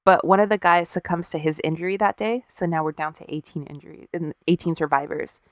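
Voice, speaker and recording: A woman's voice: lowish voice, fairly even intonation, fairly quick, no room sound, studio quality. A woman co-hosting a podcast, casually telling a story with wry, profane asides and acted-out quotes. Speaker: podcast co-host.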